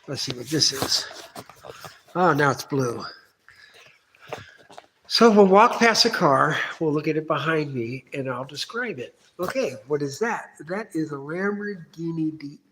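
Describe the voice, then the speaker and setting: A man's voice: fairly high pitch, animated, a little slow, a bit bright, a little hiss or hum. Rambling man streaming from his garage. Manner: rambling, talks to absent viewers, asks many questions. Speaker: livestream host. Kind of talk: casual solo livestream. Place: home garage. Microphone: phone camera.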